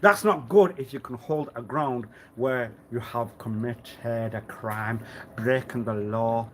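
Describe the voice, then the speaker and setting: A man's voice: mid-range voice, slow pace, a little hiss or hum, low-quality recording. A man in a rambling live-stream monologue, lecturing with repeated rhetorical questions, laughing often and repeating himself. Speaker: livestreamer.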